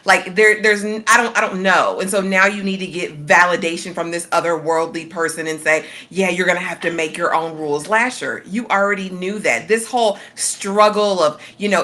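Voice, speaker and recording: A woman's voice: lowish voice, fairly even intonation, normal speed, few pauses, sharp tone. A woman co-hosting a casual TV recap discussion, blunt, opinionated and sarcastic in her takes. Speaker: podcast co-host.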